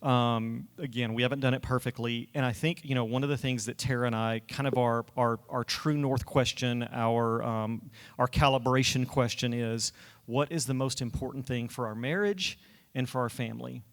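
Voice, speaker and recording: A man co-hosting a casual church-stage conversation, talking in a halting, self-correcting, friendly way. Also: medium pitch, steady tone. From United States. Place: church hall. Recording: echoey hall reverb.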